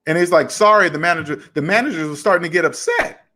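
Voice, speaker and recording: Animated man telling a story. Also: on the high side, fast talker. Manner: animated, retells arguments with quoted dialogue. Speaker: personal finance channel host. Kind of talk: casual storytelling to camera.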